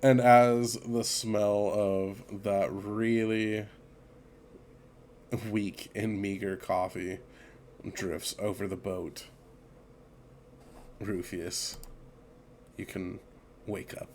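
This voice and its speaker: A man narrating a tabletop game as game master, in a relaxed manner. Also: lowish voice, slight background noise. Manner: relaxed, slow narration with laughs.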